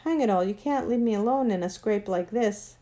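A woman voicing an earnest, anxious young boy who pleads excitably in a storybook reading. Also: mid-range voice, brisk, natural voice. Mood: pleading.

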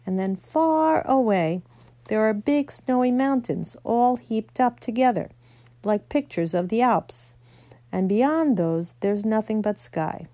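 A woman reading a children's novel aloud, gentle storytelling with small slips. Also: on the high side, expressive, slow pace, dry recording. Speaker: narrator.

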